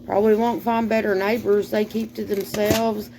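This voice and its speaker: This cooking vlogger, a middle-aged woman with a Southern accent from the American South, chats in a folksy, casual way while cooking, rambling slowly with sighs and fillers. Her voice is medium-pitched, level and darkish, with slight background noise.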